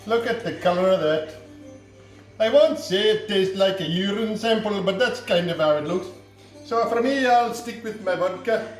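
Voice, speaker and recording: High-voiced Irish man joking in kitchen. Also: normal speed, very echoey, soft background music, low-quality recording. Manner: jokey, rambling, deadpan asides. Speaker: home cooking show host. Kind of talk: comic cooking demonstration. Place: home kitchen.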